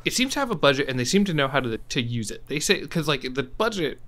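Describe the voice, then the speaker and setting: A man's voice: a little high, sing-song, fast talker, a loud crowd. A man co-hosting a podcast, chatting casually and enthusiastically, swearing freely and laughing often. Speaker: podcast co-host. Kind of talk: casual chat.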